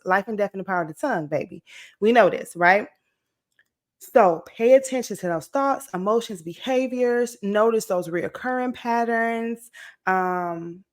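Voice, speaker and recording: A woman about to turn forty, giving an energetic, encouraging motivational talk to her viewers, checking in often with "okay?" and "right?". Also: mid-range voice. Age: late 30s. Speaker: motivational vlogger. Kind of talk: casual motivational talk to camera.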